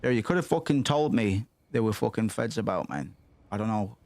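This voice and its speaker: A man's voice: lowish voice, expressive, brisk, darkish tone, dry recording. Sweary young man gaming. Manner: sweary, rambling, muttering asides. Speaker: gaming streamer. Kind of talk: casual gameplay commentary.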